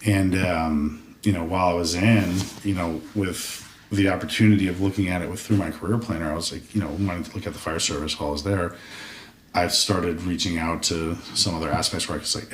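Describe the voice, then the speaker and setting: Deep-voiced, profane veteran telling stories. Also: male voice, fairly even intonation, fairly quick. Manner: candid, profane, acts out his past thoughts in quoted asides. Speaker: podcast guest, military veteran. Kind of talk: casual storytelling chat. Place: podcast studio room. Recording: roomy sound from a distant mic with faint noise.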